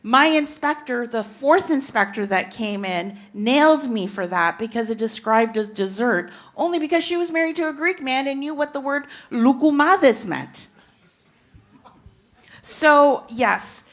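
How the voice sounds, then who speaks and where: A middle-aged woman gives a fired-up talk at a panel, her voice sitting a touch high for a woman. She speaks emphatically, often breaking off and restarting her sentences as she pushes her point. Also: a bit bright. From Canada. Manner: impassioned, emphatic, with frequent restarts. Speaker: consumer advocate speaker. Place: conference event hall.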